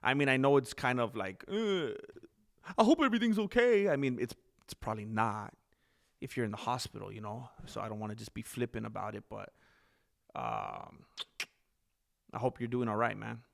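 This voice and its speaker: Streamer host, male, mid-pitched with a gravelly edge. Loose, chatty delivery aimed at chat. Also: animated, moderate pace. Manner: rambling, chatty, talks straight to viewers. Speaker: livestream host reading chat. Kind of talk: casual livestream chat.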